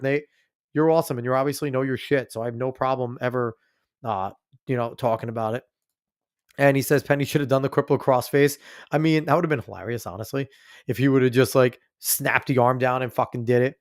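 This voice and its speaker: A man's voice: mid-range voice, steady tone, brisk, clear, resonant tone. Blunt, profane male podcast host. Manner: blunt and profane, talks straight to listeners. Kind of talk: casual commentary on a played clip.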